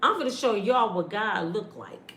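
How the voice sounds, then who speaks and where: A woman's voice: mid-range voice, animated, moderate pace, bright, forceful tone, reverberant, a little hiss or hum. A woman vlogger talking in an emphatic, sermon-like way, repeating her phrases as she comments to her viewers. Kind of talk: preachy casual commentary.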